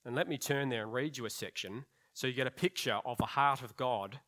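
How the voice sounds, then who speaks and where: A man pastor preaching a sermon in a lively, conversational way, with rhetorical questions and wry humorous asides. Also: medium pitch, a little fast.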